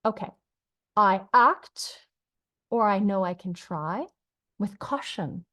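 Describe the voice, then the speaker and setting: A woman's voice: medium pitch, takes it slowly. A woman teaching a class from slides, talking casually and acting out short quoted phrases in changing voices. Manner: animated, acts out quoted phrases in varied voices. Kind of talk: lecture on a system with slides.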